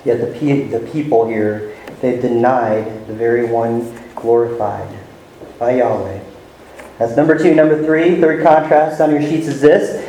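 A man's voice: mid-range voice, fairly even intonation, measured pace, dark tone, a little hiss or hum. A man preaching a sermon, teaching verse by verse and stressing key words with rising emphasis. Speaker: pastor. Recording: very echoey room with faint ambience.

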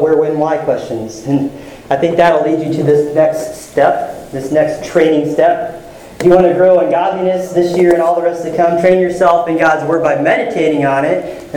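High voiced pastor guy, chatty and encouraging, echoey church room w faint hum. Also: mellow. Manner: conversational, encouraging, repeats phrases. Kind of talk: sermon.

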